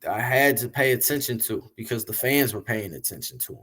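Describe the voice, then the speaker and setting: A man being interviewed, telling long, animated, profane stories about the music business in a casual way. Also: medium pitch, brisk. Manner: animated, profane, rambling storyteller. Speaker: interview guest, music industry figure.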